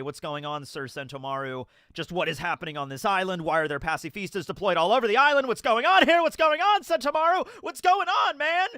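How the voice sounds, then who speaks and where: A bright, forceful male voice rambles through a casual manga chapter review. He swears freely, laughs along, and sometimes breaks into loud, high-pitched outbursts. The sound is dry and close, with a smooth, clear tone. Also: no room sound. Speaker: anime and manga reaction host.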